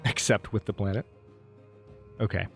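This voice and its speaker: A lower-pitched man chatting his way through a strategy game, thinking aloud and bantering with the units as he plays. Soft music runs faintly under his voice. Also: steady tone, moderate pace, gravelly. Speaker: let's play host. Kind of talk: casual gameplay commentary.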